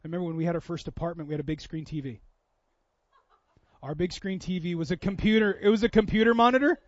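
A man in his thirties preaching a sermon, telling stories with swings from loud bursts to quiet moments. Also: high-pitched, fast talker, no room sound, lo-fi sound. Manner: animated storytelling, swings from loud to soft. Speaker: pastor.

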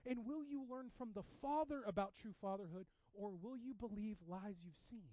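A man with a high voice preaches with passion, his delivery swinging from hushed, intimate stretches to loud, urgent ones. The sound is dry and close, with a slightly dull, muffled tone. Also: normal speed, no room sound. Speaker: pastor. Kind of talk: sermon.

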